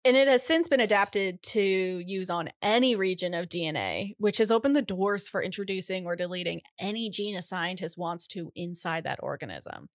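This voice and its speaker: A young adult woman co-hosting a casual science podcast, explaining clearly and laughing easily. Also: fairly low pitch, lively intonation, normal speed, few pauses, no echo, studio quality. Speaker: podcast co-host.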